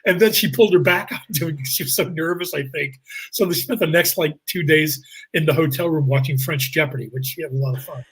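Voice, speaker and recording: Brief: guest actor, husky, animated anecdote teller. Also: male voice, fairly high pitch, brisk, poor audio. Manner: animated, jumps into voices, laughs through stories. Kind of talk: anecdotal storytelling.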